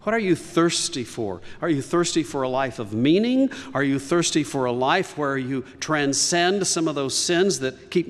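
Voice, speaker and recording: Slow-preaching man in a reverberant hall. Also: on the high side. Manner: slow, earnest preaching with emphatic rises. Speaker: pastor. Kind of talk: sermon.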